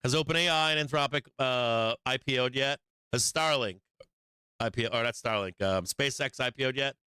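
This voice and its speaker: Brash male stream host with a bright, clear voice, swearing freely and repeating his points for emphasis. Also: medium pitch, normal speed, no room sound. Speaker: stock market show host. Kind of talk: livestream market commentary.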